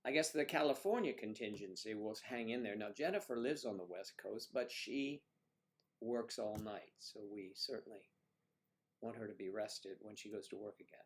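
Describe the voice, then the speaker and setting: A man hosts a casual livestream and chats easily with the viewers watching. He greets them one by one by name and wanders from topic to topic. His voice sits at an ordinary middle pitch for a man. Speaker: livestream host.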